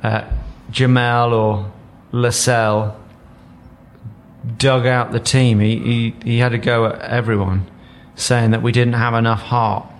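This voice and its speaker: A man hosting a relaxed podcast, talking at a middling pitch. He steers the conversation and slips in dry, wry asides. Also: measured pace, a little hiss or hum. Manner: leads the talk, dry joking asides. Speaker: podcast host. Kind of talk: casual podcast chat.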